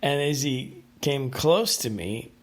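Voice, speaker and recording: A man's voice: medium pitch, animated, takes it slowly. A man hosting a casual solo podcast, telling a story in a rambling, hesitant way with many fillers and restarts. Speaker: podcast host.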